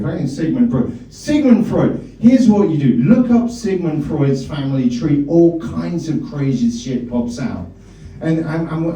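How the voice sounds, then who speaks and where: A man's voice: medium pitch, dark tone, recorded from a distance. Man doing stand-up in an echoey club. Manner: rambling, teasing the crowd. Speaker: stand-up comedian. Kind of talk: stand-up comedy set. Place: comedy club stage.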